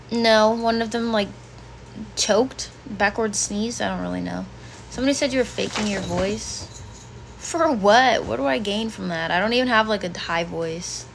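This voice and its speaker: A woman's voice: on the high side, measured pace, creaky, slight background noise. A woman in her twenties on a casual home livestream, reading chat comments aloud and reacting bluntly. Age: 20s. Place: bedroom at home.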